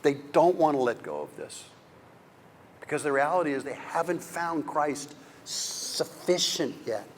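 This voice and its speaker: A man giving a conference lecture on preaching, telling stories in an animated, emphatic way. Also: on the high side, unhurried, big-room sound, slight background noise.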